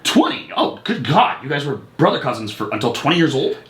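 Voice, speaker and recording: A man hosting a podcast in casual banter, joking and quick to laugh. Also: medium pitch, sing-song, a bit bright. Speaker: podcast host. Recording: roomy with faint noise.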